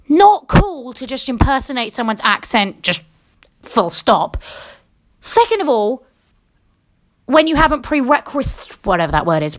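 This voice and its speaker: A woman's voice: a little high, a bit bright. A young English woman hosting her own podcast, ranting casually with lots of swearing and restarts. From England. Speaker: podcast host. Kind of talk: casual solo podcast rant. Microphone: personal mic in a quiet room.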